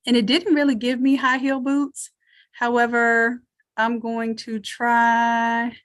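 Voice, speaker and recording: A woman's voice: a little high, monotone, takes it slowly. A woman teaching a live online design class, chatty and thinking aloud as she works through each step. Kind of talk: live screen-share tutorial.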